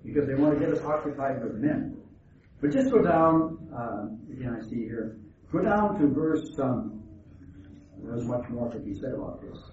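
A man preaching a sermon, earnest and halting, often restarting his words. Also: medium pitch, animated, darkish tone. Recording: echoey, distant, phone-like, noisy.

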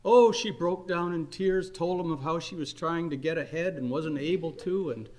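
Older male preacher, slightly high voice, earnest sermon storytelling with soft-to-loud swings. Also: normal speed.

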